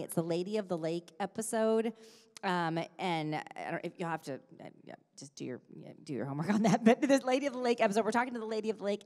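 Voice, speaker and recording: Fast-talking woman in a reverberant hall. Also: fairly high pitch. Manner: chatty, rambling storyteller who acts out quotes. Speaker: voice actor panelist. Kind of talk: convention panel anecdote. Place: convention hall.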